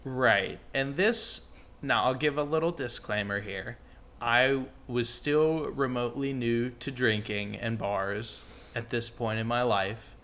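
A man's voice: mid-range voice, takes it slowly, a bit bright. Young man rambling casually. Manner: chatty, rambling with lots of "like" and "you know". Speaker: podcast co-host. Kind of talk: casual chat.

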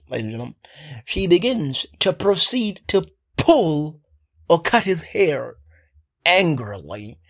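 A casual, sarcastic film recap that rambles with frequent asides, swears, and then apologizes for it. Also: mid-range voice. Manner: sarcastic, rambling, keeps saying "anyway".

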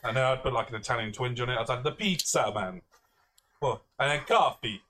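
A man's voice: medium pitch, fairly even intonation, very fast, a bit bright, a little hiss or hum. A man, a podcast co-host, telling a rambling self-mocking story in casual chat, swearing freely and laughing often.

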